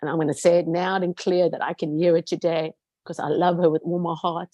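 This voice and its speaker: A woman's voice: fairly low pitch, flat delivery, a little fast, dark tone, dry recording. A woman guest speaking earnestly and emphatically in a conversation, repeating words for stress as she shares a personal testimony.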